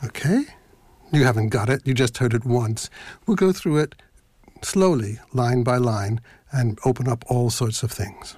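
An older man hosts a reflective podcast, reading and unpacking poetry with a playful, self-mocking lilt. He is from Philadelphia, but only a faint trace of the accent remains. His voice sits at a middling pitch and is recorded close and dry, with no room sound. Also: moderate pace, darkish tone, no echo. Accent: Philadelphia, mostly covered over. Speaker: podcast host.

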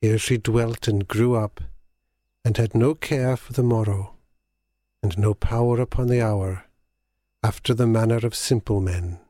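A man reading a fable aloud as a scripted narration, measured and solemn. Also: fairly low pitch, steady tone, mellow, no echo, studio quality.

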